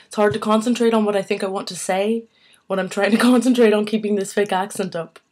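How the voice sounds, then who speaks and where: A woman's voice: medium pitch, fairly even intonation, fast, darkish tone, close to an everyday voice. A young woman vlogger doing a self-conscious imitation Irish accent she admits is not very good. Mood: self-mocking. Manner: self-conscious, laughing at own attempt. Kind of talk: casual vlog chat.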